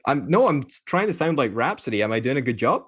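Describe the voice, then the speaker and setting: A man's voice: medium pitch, big pitch swings, fast talker, fairly bright tone. A man co-hosting a gaming podcast in casual chat, stammering and repeating words as he protests.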